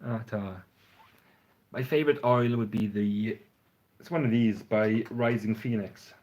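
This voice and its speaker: A man's voice: on the low side, fairly even intonation, a little slow, pauses often, a little mellow. Rambling man on a livestream. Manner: rambling, frank, swears casually. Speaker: fragrance reviewer. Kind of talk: casual livestream chat. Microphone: phone front camera.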